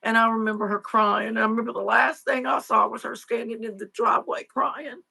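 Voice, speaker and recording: A middle-aged woman, an interview guest, telling her life story in a halting, tearful way with many fillers and restarts. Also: fairly high pitch, little pitch movement, creaky, pushed and bright, slightly rough. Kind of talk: emotional personal storytelling.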